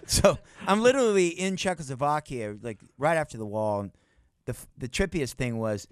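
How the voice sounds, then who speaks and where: A middle-aged man, a guest musician, telling tour stories on a radio show in an animated way, swearing and acting out other people's lines. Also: medium pitch, normal speed, clear, resonant tone, no echo, clean studio sound. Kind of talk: casual storytelling on a radio show. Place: radio studio.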